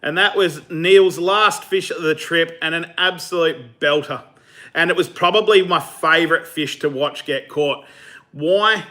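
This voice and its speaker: A man's voice: fairly high pitch, unhurried, bright, forceful tone. A man hosting a fishing channel, chatting casually on a live stream, answering viewer comments with easy laughs. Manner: casual, chatty, laughs easily, many fillers.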